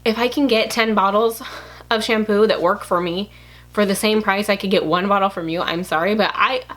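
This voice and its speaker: A woman's voice: medium pitch, moderate pace, fairly bright tone. Blunt woman giving frank advice. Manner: blunt, frank, many fillers and restarts. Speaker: YouTuber. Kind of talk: casual advice monologue.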